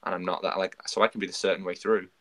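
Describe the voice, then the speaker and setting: Male podcast co-host, low flat voice, rapid anecdotal storytelling. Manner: storytelling, acts out quoted dialogue. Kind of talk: casual chat.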